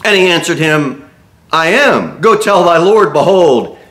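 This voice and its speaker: In a church sanctuary, a pastor with a slightly high voice preaches an expository sermon a little slowly. He's animated, reading scripture aloud and acting out the speakers he quotes.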